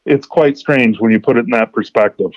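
A man's voice: medium pitch, a little fast, no echo. Storytelling man on a dull podcast line. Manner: storytelling, animated in quoted dialogue. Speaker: fishing podcast host. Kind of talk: casual podcast chat. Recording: dull dry podcast audio.

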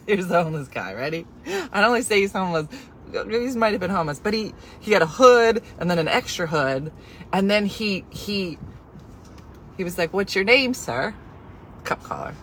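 Animated woman telling an exasperated story. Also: medium pitch, moderate pace, slight background noise. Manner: animated, exasperated, sarcastic asides. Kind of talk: comic storytelling rant.

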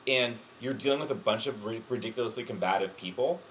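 A man's voice: mid-range voice, fast, a bit bright, a little hiss or hum, poor audio. A man co-hosting a casual chat at home, joking and talking with lots of "like" and "um.". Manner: joking, full of "like" and "um" filler. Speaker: podcast co-host. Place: home room with cats around.

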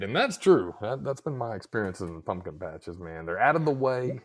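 A man's voice: low-pitched, lively intonation, fast, hardly any pauses. A man hosting a podcast in casual chat, slightly scratchy in the throat, rambling, swearing freely and poking fun at himself. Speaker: podcast host.

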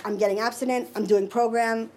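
A middle-aged woman giving a personal recovery share, emotional and expressive, with many restarts. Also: a little high, a little fast, a little hiss or hum. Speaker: recovery meeting speaker.

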